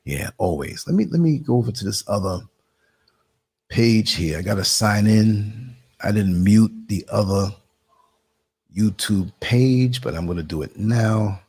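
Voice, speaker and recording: Gravelly New York man hosting a livestream. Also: fairly low pitch, expressive, measured pace, darkish tone. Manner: chatty, laughs often, talks while working the computer. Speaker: live show host. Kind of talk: casual livestream talk.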